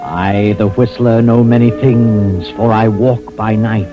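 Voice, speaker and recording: A sinister 1940s radio storyteller, low and slow, lo-fi with music bed. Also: male voice, steady tone. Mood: ominous. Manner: slow, ominous, deliberate. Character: mysterious all-knowing male night-walking storyteller. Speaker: narrator. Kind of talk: 1940s radio drama narration. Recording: dull old radio recording with music.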